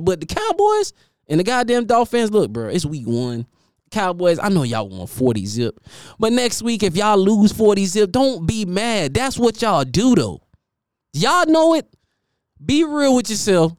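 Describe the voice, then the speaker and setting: A man's voice: mid-range voice, clear, resonant tone, no room sound, studio quality. A man hosting a casual football commentary monologue, teasing rival fans with profane trash talk. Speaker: sports commentator host.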